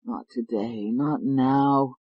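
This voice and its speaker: A man voicing a feverish, hoarse defense lawyer who speaks low and strained, in an audiobook read in a dry studio. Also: animated, moderate pace, no echo, highs cut off. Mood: miserable.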